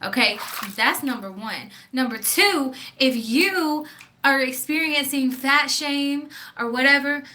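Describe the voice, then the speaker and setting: A woman's voice: sits high, slow, bright, forceful tone, slight background noise. A young woman with a Southern accent, talking bluntly and with plenty of profanity in a casual vlog, often asking "okay?". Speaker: vlogger.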